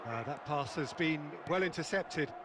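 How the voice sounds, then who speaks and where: A man's voice: a little high, normal speed, natural voice. A man playing an adult male football play-by-play commentator in a video game, calling the match and rising on chances. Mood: commentating. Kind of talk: scripted sports commentary. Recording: game audio with noise behind.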